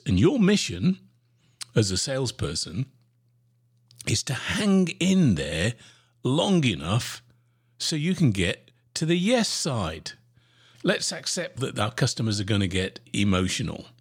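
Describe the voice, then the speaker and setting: Husky low-voiced guy doing a sales coaching podcast, really lively, jumps up on key words. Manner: animated, emphatic coaching delivery with sudden pitch jumps. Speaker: sales trainer podcast host. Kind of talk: solo podcast talk.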